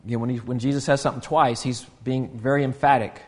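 A man's voice: medium pitch, steady tone, fast, few pauses, in a large hall. A man, preaching a sermon in an earnest, conversational way with frequent restarts. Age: 50s. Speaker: pastor.

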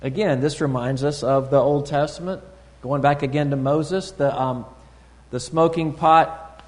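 A man preaching a sermon in a deliberate teaching tone, pausing often and restarting phrases. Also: fairly high pitch, steady tone. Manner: deliberate, teaching tone with pauses and fillers. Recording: long reverb of a hall.

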